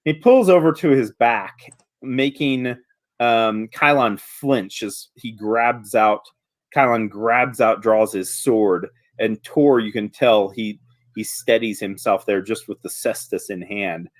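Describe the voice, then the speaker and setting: A man's voice: fairly low pitch, slow. A man narrating scenes as game master of a tabletop game, with frequent hesitant fillers.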